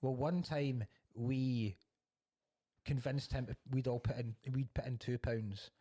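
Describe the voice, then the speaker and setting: A Scottish man in relaxed podcast chat who tells a rambling story, swears freely and keeps breaking into laughter. His voice sits at an ordinary pitch. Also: takes it slowly. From Scotland. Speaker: podcast co-host. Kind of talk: casual chat.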